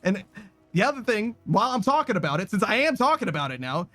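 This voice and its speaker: A man's voice: high voice, very animated, fast, bright, forceful tone, dry recording, soft background music. A man giving casual, profane, sarcastic commentary while playing a video game. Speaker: gaming streamer.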